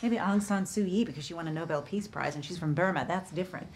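An actress playing a frantic, bossy wealthy hostess giving brisk commands. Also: female voice, lowish voice, slight background noise, natural voice. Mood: snobbish.

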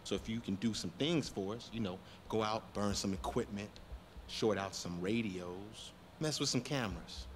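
A man's voice: fairly low pitch, normal speed, a little hiss or hum, natural voice. An actor playing a blunt, distrustful male resistance leader in a video game, speaking in a hard, commanding way. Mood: stern.

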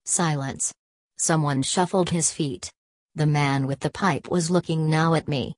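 Low-voiced woman narrating an audiobook. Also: a little slow, no echo. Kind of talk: scripted narration.

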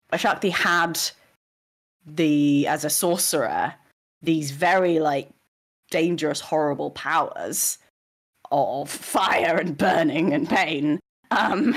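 A woman's voice: sits low, slow pace, slightly rough. A woman guest in a casual remote interview, talking animatedly, often laughing and acting out quoted voices.

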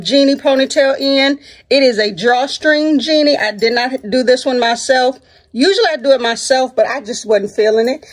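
A woman hosting a casual vlog, upbeat and uplifting, calling her viewers honey and sweetheart and cheering them on with faith-filled encouragement. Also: sits high. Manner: sprinkles speech with endearments like honey and sweetheart. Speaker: vlog host.

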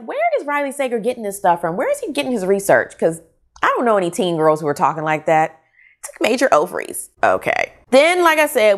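A middle-aged woman chats casually about her reading, frank and openly exasperated. Her voice sits low yet leaps around with lively pitch. She sounds like a regular book vlogger talking straight to her viewers. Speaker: book reviewer. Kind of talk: casual book review vlog.

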